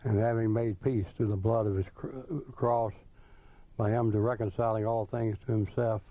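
Low flat-voiced guy preaching slow, dry tinny phone-ish sound. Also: no echo. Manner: slow, deliberate reading with small restarts. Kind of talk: sermon with scripture reading.

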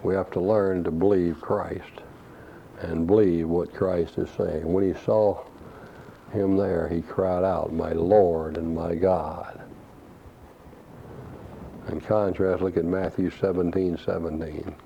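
A man's voice: low-pitched, level tone, a little slow, creaky, slight background noise. A man preaching a sermon, asking rhetorical questions and quoting scripture. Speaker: pastor. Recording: dull lo-fi recording.

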